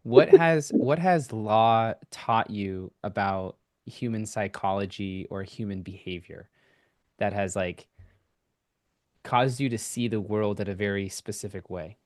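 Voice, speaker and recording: A man hosting an interview, asking curious questions in a relaxed way. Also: lowish voice, unhurried, no echo, studio quality. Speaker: podcast host.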